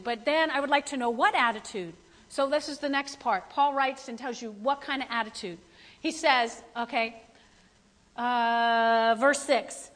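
Woman pastor, high bright voice, animated sermon delivery, long hall reverb. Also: moderate pace. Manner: animated, playful, talks directly to the congregation.

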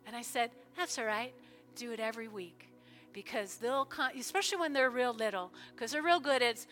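A woman pastor preaching in a church service, fervent, with sudden loud bursts and soft prayerful stretches. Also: on the high side, animated, a little fast, faint music behind. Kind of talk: sermon with altar call prayer.

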